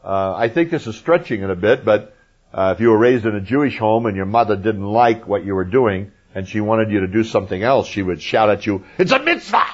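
A man's voice: on the low side, brisk, a little mellow. A man preaching a Bible lesson, emphatic, with folksy asides to his listeners. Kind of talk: Bible teaching. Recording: muffled lo-fi recording.

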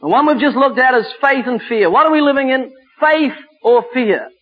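A man preaching a sermon and telling stories from his ministry, emphatic, slowing down to stress scripture. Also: very high voice. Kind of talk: sermon with storytelling. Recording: dull lo-fi recording.

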